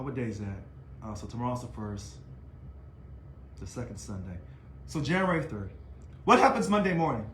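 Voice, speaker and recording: Man, casual to-camera monologue, taunting rhetorical style, high voice, roomy echo. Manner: animated, taunting, rhetorical questions. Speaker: union leader. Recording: echoey room.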